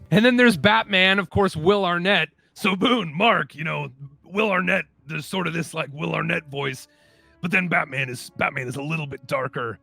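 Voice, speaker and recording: A man's voice: on the high side, normal speed, vocal fry, bright, forceful tone, no echo, soft background music. A young man chatting casually and self-deprecatingly as the host of a voice-impression video. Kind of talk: casual chat.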